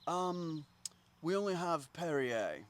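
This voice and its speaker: A polite, professional waiter, as a storyteller plays him, quiet and matter-of-fact. He sounds low-key and unhurried. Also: sing-song. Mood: politely flat. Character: polite male restaurant server, flat and professional.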